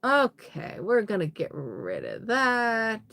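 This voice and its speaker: A woman's voice: a little high, huge pitch swings, slow pace, creaky, fairly bright tone. A woman hosting a casual livestream, reading out viewer comments and chatting back with laughs and exclamations. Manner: chatty, reads comments aloud and reacts with laughs.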